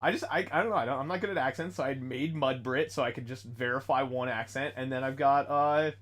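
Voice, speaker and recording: A man's voice: mid-range voice, fast talker, fairly bright tone. A young man in casual podcast chat, joking and rambling among friends. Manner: joking, rambling, breaks into silly put-on accents. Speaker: podcast co-host.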